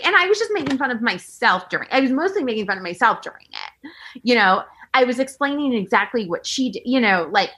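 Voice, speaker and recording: A woman's voice: on the high side, bright, forceful tone, breathy edge. A woman in her thirties hosting a podcast, telling a story in casual chat with lots of "like" and acted-out quotes. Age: 30s. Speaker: podcast host.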